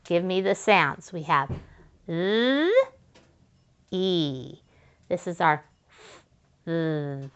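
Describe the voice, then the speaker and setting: A woman's voice: lowish voice, extremely slow, pauses often, smooth, muffled recording. A woman teaching young children to write sentences, patiently sounding out letters and words and often praising them. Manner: encouraging praise. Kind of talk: slow step-by-step writing lesson for young children.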